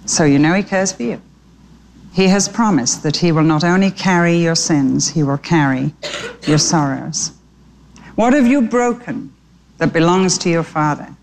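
A woman preaching a sermon in an animated, chatty storytelling manner. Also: lowish voice, moderate pace, a little hiss or hum, low-quality recording.

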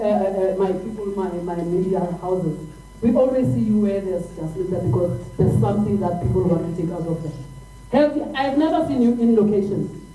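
A South African woman speaks with fervor at a crowded press briefing, circling back over her words as she presses her point. Her voice is dark and mellow. It carries through an echoey, hot room from some distance off the mic, with a faint hum underneath. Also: fairly high pitch. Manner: emphatic, repeats and restarts when worked up. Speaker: press conference speaker for civil organizations.

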